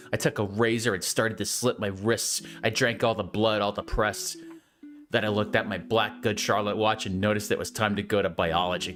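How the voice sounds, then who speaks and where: A man hosting a comedic reading of fanfiction aloud, mock-serious and deadpan, with sarcastic asides. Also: on the low side.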